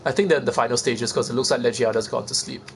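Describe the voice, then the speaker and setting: A man's voice: medium pitch, fairly even intonation, rapid-fire, vocal fry, slight background noise. A man streaming a video game, rambling casually and chatting to viewers with self-deprecating asides. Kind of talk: casual gameplay commentary.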